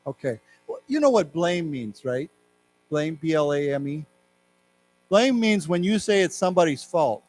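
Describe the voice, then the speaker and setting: A middle-aged man with an American accent teaching an English lesson, explaining words and reading news aloud slowly. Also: fairly high pitch, expressive, a little mellow, poor audio. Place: library lecture room.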